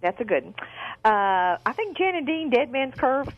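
A woman caller on a radio call-in show, with a fairly high voice that rises and falls in lively swings. She talks in a chatty way and giggles often. Her voice sounds dry and close. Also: moderate pace, no room sound, lo-fi sound. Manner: chatty, giggly, warm-hearted. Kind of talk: casual call-in chat.

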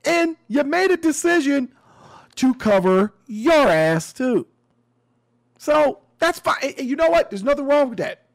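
A man's voice: extremely high pitch, very animated, a little slow, creaky. A man giving a casual commentary monologue, sarcastic and emphatic, often repeating his phrases.

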